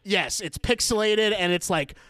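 A young man hosting a casual chat, telling animated stories with laughs and playful voice impressions. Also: high voice, normal speed, no room sound, clean studio sound. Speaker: podcast host.

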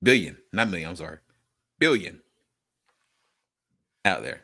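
A man's voice: sits low, a little slow, vocal fry. A young man co-hosting a podcast in casual banter, chiming in and laughing a lot. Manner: laughs a lot, animated, chimes in. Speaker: podcast co-host.

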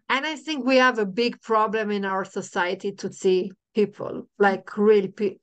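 Halting middle-aged woman. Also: medium pitch, clear, resonant tone. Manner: halting, repeats herself, many restarts. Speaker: podcast guest. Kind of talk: emotional personal storytelling.

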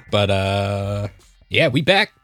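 A man's voice: lowish voice, a bit bright. A man co-hosting a podcast in casual, joking chat, laughing often. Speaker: podcast co-host.

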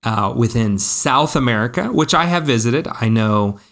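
A man's voice: mid-range voice, animated, moderate pace, fairly bright tone. A man in his thirties co-hosting a podcast, rambling through anecdotes in casual chat with lots of likes and restarts. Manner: rambling storyteller, many fillers and restarts. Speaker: podcast co-host.

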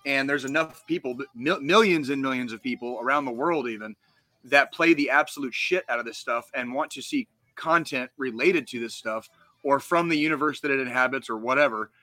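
A man's voice: mid-range voice, brisk, pushed and bright, no room sound. A man co-hosting a podcast in casual chat, ranting heatedly with heavy swearing and frequent restarts. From United States. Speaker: podcast co-host.

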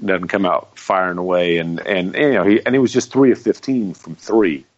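A man's voice: low-pitched, normal speed, no echo. A man on a casual podcast panel, rambling and jokey with plenty of fillers. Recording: slightly muffled dry audio.

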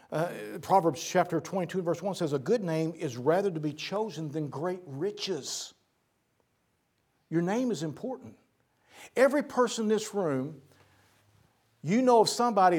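A man's voice: a little high, a little mellow, slightly rough. An older man who is a pastor, preaching a sermon to his church in an earnest way, often repeating words as he lists points. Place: church sanctuary.

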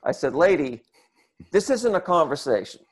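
A man telling a comic story to an audience, animated and acting out the people in it. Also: fairly high pitch, normal speed. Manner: animated, acts out voices and shouts in the retelling. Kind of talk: comic anecdote told to an audience.

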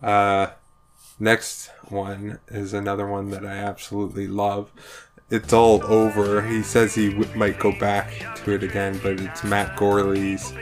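Flat-toned, low-voiced podcast host. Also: male voice, measured pace, over music. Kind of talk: casual podcast chat.

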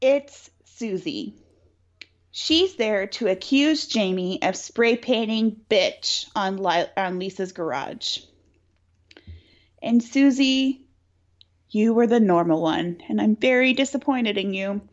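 A woman's voice: mid-range voice, expressive, takes it slowly. A woman co-hosting a podcast, casually retelling a story with lots of fillers and sarcastic asides. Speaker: podcast co-host recapping a film. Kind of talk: casual chat. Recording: dull lo-fi sound.

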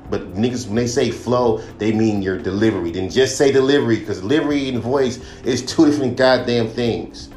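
A man's voice: mid-range voice, darkish tone. A young man and rapper hosting a podcast, ranting bluntly with constant swearing and mocking his critics. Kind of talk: profane casual rant. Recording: echoey room with faint music.

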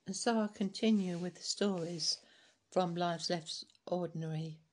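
A woman reading collected life stories aloud in a steady, unhurried way, with small restarts now and then. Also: on the low side.

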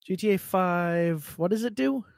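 A man's voice: sits high, gravelly, no echo, studio quality. A man co-hosting a gaming podcast, chatting casually and joking as he goes. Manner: joking, quick to laugh. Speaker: podcast co-host. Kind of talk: casual chat.

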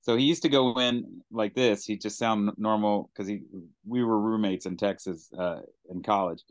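A man's voice: on the low side, steady tone, normal speed, no room sound. A male podcast host in casual, jokey conversation. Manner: jokey, laughs easily. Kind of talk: casual chat.

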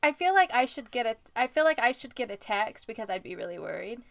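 A woman with a fairly high voice reads fan fiction aloud for a podcast. She hams up the quoted lines, leaping higher in pitch whenever the characters speak. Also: sing-song, fast talker, creaky, a bit bright. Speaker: podcast co-host.

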